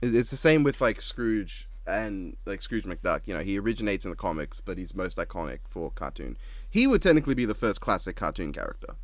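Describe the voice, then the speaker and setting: A man with a lowish voice hosts a loose, casual reaction chat. He rambles along in a laid-back way and giggles often. The recording is dry and close. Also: big pitch swings, a little fast, no room sound. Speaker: channel host.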